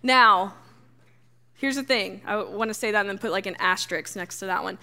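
A woman's voice: mid-range voice, moderate pace, bright, forceful tone. A young woman giving a sermon to a church gathering, talking casually with dry, sarcastic humor. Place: stage before a live audience.

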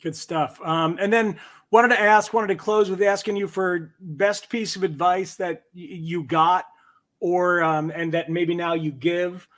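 Man host asking halting questions, fairly high. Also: fairly even intonation, fairly bright tone. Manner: halting, with fillers and restarts. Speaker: podcast host. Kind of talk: casual interview questions.

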